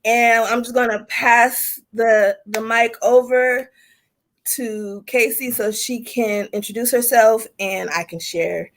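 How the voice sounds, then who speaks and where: A woman's voice: fairly high pitch, fairly even intonation, takes it slowly. A woman in her thirties hosting a casual group video call, playful and teasing as she introduces herself. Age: 30s. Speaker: host and advocate.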